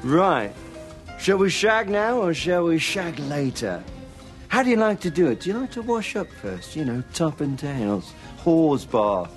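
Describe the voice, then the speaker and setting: Austin Powers, leering British spy. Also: male voice, fairly high pitch, very animated, unhurried, faint music behind. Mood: cheeky flirting. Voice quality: cheeky, leering, suggestive. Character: randy, swinging British male spy.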